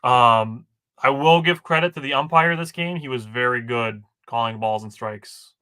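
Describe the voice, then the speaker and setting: Bright-voiced man breaking down baseball stats. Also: medium pitch, normal speed, clean tone. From Wisconsin. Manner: talks through stats from his notes, dry asides. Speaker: podcast co-host. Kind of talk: casual sports chat.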